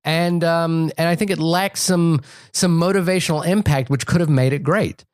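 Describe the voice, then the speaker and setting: A man's voice: a little high, fairly even intonation, normal speed, darkish tone, clear, resonant tone, dry recording, studio quality. A man co-hosting a movie podcast, talking casually and stumbling through many restarts and repeated words. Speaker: podcast co-host. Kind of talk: casual movie review chat.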